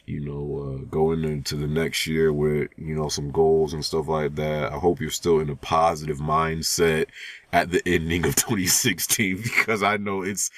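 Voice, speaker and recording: A man's voice: rumbling low, no room sound. A young man thanking viewers in a casual vlog, rambling with lots of fillers and restarts in a laid-back, slangy way. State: sleepy. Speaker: YouTuber.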